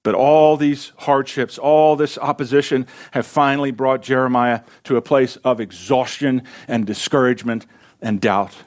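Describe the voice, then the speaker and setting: A man preaching from the pulpit. He talks to the congregation in a folksy, conversational way, with a mid-range voice. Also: medium pitch. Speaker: pastor. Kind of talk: sermon.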